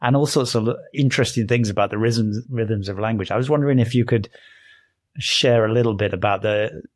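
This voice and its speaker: A man with a fairly low voice hosts an interview podcast, recorded dry and close. He asks long, winding questions with polite hedges. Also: brisk, no room sound. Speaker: podcast host.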